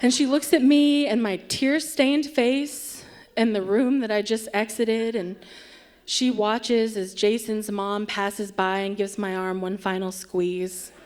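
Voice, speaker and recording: A woman's voice: mid-range voice, steady tone, takes it slowly, darkish tone. A woman telling a wry, self-deprecating story on a theatre stage, acting out what people said. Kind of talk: live comic storytelling.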